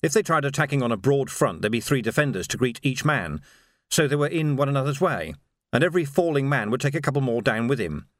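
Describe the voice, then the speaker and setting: A man narrating a novel in an expressive storytelling manner. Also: medium pitch, quick pace, no echo, clean studio sound. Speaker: audiobook narrator. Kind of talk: scripted narration.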